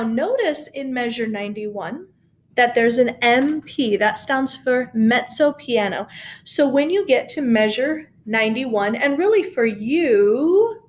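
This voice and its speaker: Lady choir teacher talking slow, high voice, patient and encouraging, recorded on her camera at home. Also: slight background noise. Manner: patient, encouraging, counts students in. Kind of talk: recorded music lesson, speaking and singing along. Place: home room with a piano. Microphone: camera mic.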